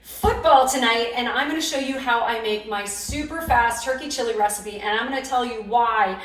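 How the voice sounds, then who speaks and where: A woman's voice: on the high side, normal speed, a bit bright. A woman hosting a casual cooking demonstration in her home kitchen, chatty and upbeat, teary-eyed from cutting onions and laughing at herself. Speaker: cooking video host. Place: home kitchen, roomy and echoey. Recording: echoey kitchen, mic far off, cooking noise. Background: clatter of knives, pots and dishes.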